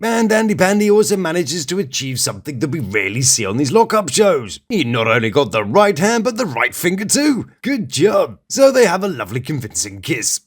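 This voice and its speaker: A man's voice: on the high side, very animated, a little fast, few pauses. A man with a British accent hosting a satirical recap, full of mocking sarcastic asides. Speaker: host.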